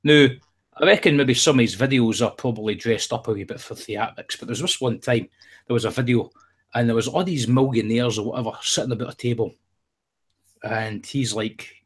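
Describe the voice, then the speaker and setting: A man's voice: medium pitch, fairly quick, slightly rough. A man rambling in casual chat, swearing freely and telling jokey stories. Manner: rambling, profane, jokey storytelling.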